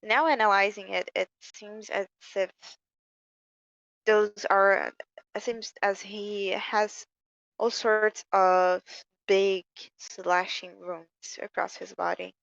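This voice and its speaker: A woman narrating as game master of a tabletop game, halting, with many ums and repeated words. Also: medium pitch, flat delivery, creaky, fairly bright tone, no echo, highs cut off.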